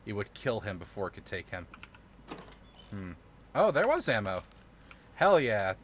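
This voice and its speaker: A man's voice: on the low side, sing-song, a little slow, a little hiss or hum. A man streaming a game live, commenting casually with swearing and frequent laughter. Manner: casual, profane, laughs often.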